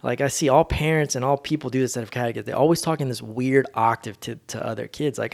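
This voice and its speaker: A man's voice: medium pitch, quick pace, creaky, hardly any pauses, a little mellow. A man hosting a solo podcast, talking in a rambling, laid-back, slangy way. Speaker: podcast host. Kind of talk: casual solo monologue.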